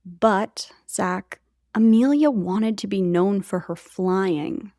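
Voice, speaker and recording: A woman's voice: mid-range voice, slow, warm tone, no room sound, clean studio sound. A woman co-hosting a podcast, telling a history story in a chatty way with jokey asides to her co-host.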